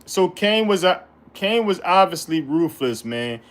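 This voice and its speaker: A man with a fairly high voice reads scripture aloud and teaches it casually. He stops often to add emphatic, slangy asides of his own. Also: animated, measured pace. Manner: colloquial, emphatic commentary between verses. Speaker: Bible teacher. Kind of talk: informal Bible study reading.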